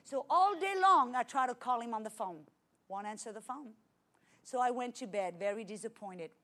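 French-accented woman preaching a lively testimony. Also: on the high side, moderate pace. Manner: animated storytelling with dramatic swings in loudness. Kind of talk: testimony sermon.

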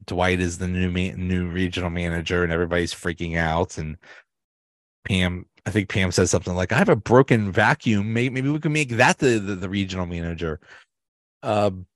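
Low-voiced rambling podcast host. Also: male voice, no room sound, studio quality. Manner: rambling, halting with many fillers and restarts. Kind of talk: casual recap of sitcom episodes.

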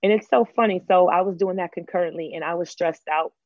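A woman in her thirties from Los Angeles, telling her story as an interview guest, animated and acting out other people's lines. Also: lowish voice, brisk, no room sound, dull audio.

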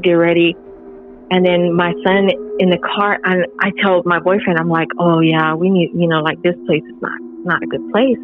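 A middle-aged woman recounts a personal story in a loose, animated way, full of "like" and "you know." Her voice comes through a narrow, phone-like line. Faint music plays underneath. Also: fairly low pitch. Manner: animated retelling with filler words. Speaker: podcast guest. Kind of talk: casual storytelling.

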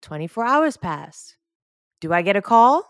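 A woman's voice: unhurried, no echo. Podcast co-host, woman, 30s, chatty storyteller who acts out each person she quotes; dry, close mic. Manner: animated, quotes others in lowered voice, rises when exasperated. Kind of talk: casual storytelling chat.

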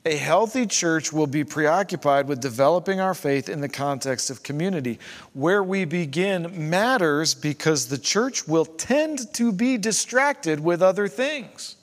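A man's voice: on the high side, expressive, measured pace. A man preaching a sermon as pastor, conversational, with rhetorical questions and asides to his congregation. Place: church sanctuary. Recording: long hall reverb.

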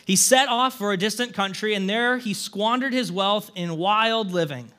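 A man's voice: high-pitched, moderate pace, bright, forceful tone, clear, resonant tone. A young male pastor preaching a sermon, reading a scripture story aloud and then talking to the congregation in an earnest, conversational way. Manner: conversational, earnest, with restarts and "right?" asides.

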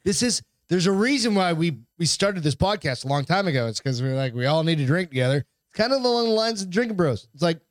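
Animated, swearing man podcast co-host. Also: on the high side, fast, few pauses, dry recording, studio quality. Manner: animated, profane, acts out quotes. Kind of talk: casual bar-talk podcast chat.

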